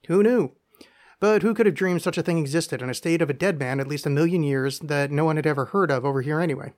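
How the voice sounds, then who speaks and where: A man's voice: fairly high pitch, fast talker. A man hosting a casual solo podcast, reading aloud in a rambling, self-mocking way with frequent swearing. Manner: rambling, self-deprecating, profane. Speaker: podcast host.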